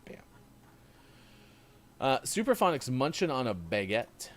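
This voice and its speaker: A man's voice: mid-range voice, big pitch swings, measured pace, a bit bright. Jokey male morning show host. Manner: jokey, self-mocking. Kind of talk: casual chat, reading birthdays.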